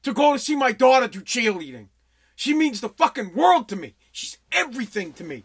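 A man's voice: extremely high pitch, very animated, fairly quick, breathy edge. A middle-aged man hosting his own podcast, talking alone in an agitated, rambling way, with stammered restarts and heavy swearing. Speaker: podcast host. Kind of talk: emotional solo podcast monologue.

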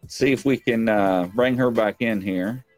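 Hosting a live online talk show at home, a man talks casually, rambling and cracking self-deprecating jokes. His fairly low voice is unhurried and a little mellow, over soft background music.

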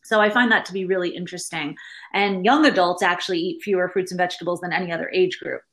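A woman's voice: on the low side, steady tone, quick pace, a bit bright. A woman in her thirties, a guest in a casual interview chat, talking in a chatty, explanatory way with many fillers.

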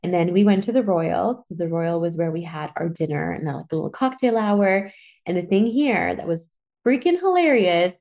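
A woman hosting a podcast, telling a personal story in a chatty, animated way and swearing freely. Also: fairly low pitch, normal speed, lo-fi sound. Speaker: podcast host. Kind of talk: casual storytelling monologue.

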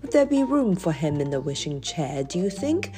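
A woman voicing a kind young girl who speaks gently and in whispers in a children's story. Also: sits low, big pitch swings, normal speed, faint music behind. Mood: gentle.

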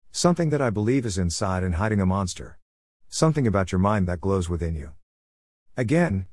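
A man's voice: on the low side, a little mellow, dry recording, clean studio sound. A man narrating a personal story in the first person, in a reflective, wistful way.

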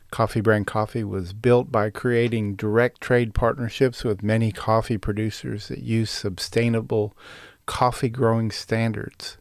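Male host, deep and gravelly, laid-back commentary and ad read, dry studio sound. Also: no room sound. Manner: relaxed, filler-heavy delivery. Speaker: podcast host.

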